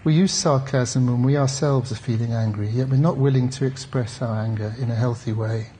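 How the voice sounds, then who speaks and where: A man's voice: medium pitch, fairly even intonation, a little fast, warm tone, slightly rough. A man, a therapist, giving a conference talk in a reflective, conversational way with wry asides to the audience. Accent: British English.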